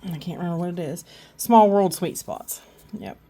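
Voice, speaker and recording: A middle-aged woman with a Southern US accent gives a casual tour of her orchid shelves at home, filming on a handheld phone. Her dark-toned voice sits a little low and moves at a moderate pace as she rambles in a relaxed, chatty way, full of fillers and restarts.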